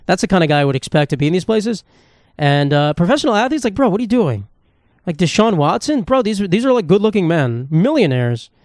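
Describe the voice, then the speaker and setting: A man talks solo into a podcast mic, ranting profanely and looping back on himself with many restarts. His voice sits a little higher than usual for a man. The sound is close and dry. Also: very animated, fast, darkish tone, no echo. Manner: profane, rambling rant with restarts. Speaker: podcast host. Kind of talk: casual comedic monologue. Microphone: podcast microphone.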